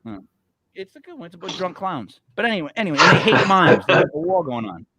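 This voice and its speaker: A man hosting a casual paranormal talk show, excitable and stammering as he jumps between ideas. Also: sits high, fast, a crowd in the background. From Italian-American. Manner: excitable, stammers and repeats words. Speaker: podcast host. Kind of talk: casual chat.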